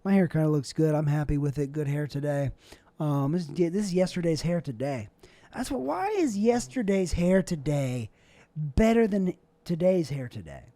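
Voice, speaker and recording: A man's voice: a little high, lively intonation, normal speed, mellow, no room sound. Rambling self-deprecating young man. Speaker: show host. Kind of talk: casual solo vlog monologue. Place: indoors at home, his bedroom.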